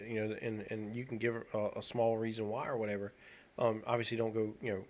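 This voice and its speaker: A man's voice: on the low side, flat delivery, quick pace, darkish tone. Rambling man telling a story. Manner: rambling storyteller with many restarts. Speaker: podcast co-host. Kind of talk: casual chat.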